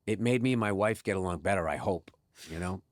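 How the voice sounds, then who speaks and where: A man guest in a casual podcast chat, telling stories with lively restarts and laughs, turning soft and low when reflective. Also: fast talker, no room sound, studio quality. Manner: animated storyteller, frequent restarts and laughs.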